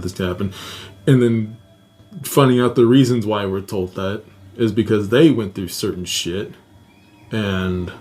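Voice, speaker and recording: Low and dark in tone, a young adult podcast host tells a personal story casually and with plenty of profanity. He laughs a lot and acts out quotes in a raised voice.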